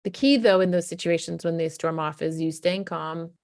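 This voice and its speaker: A woman parenting coach talks casually to the camera, giving emphatic advice and acting out what a parent might say to a child. Her voice sits on the low side with a steady, darkish tone at a normal speed. The recording is dry and has clean studio sound.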